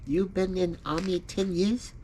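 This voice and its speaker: A courteous, probing mother speaks slowly and carefully, raising her voice a little above the teller's own, as a man puts her on. She asks each question with polite insistence. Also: high voice, fairly even intonation, warm tone, a little hiss or hum, pitched above the performer's own voice.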